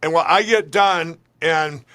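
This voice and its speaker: A man's voice: a little high, a little slow, pushed and bright. A man being interviewed, telling a long personal story in a rambling way, full of restarts. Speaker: guest. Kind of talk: conversational interview.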